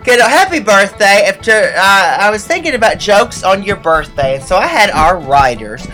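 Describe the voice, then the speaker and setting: A man's voice: high-pitched, big pitch swings, normal speed, sharp tone, faint music behind. A man co-hosting a comedy podcast, telling corny jokes with hammy, mock-sincere showmanship.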